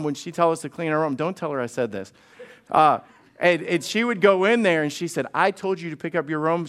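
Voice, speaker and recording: Here a man with a mid-range, fairly bright voice preaches in a chatty, humorous way. His tone is clear and resonant, and as he tells amusing stories he often starts over and repeats words.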